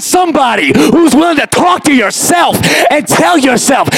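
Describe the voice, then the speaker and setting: Pastor, male, high gravelly voice, fiery shouting sermon delivery in a church, faint music under. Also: expressive, moderate pace, hardly any pauses, a little hiss or hum. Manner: impassioned, shouting preacher. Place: church sanctuary.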